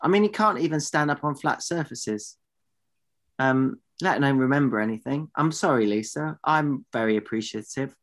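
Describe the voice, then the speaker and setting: A man's voice: medium pitch, normal speed, a bit bright. A man co-hosting a podcast in casual banter, teasing his partner in mock exasperation. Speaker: podcast co-host.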